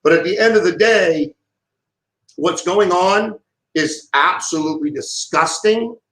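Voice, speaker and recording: A man's voice: sits high, unhurried, fairly bright tone, reverberant, poor audio. A middle-aged man delivering an impassioned monologue, heated and emphatic, often repeating himself. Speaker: vlogger giving a political rant.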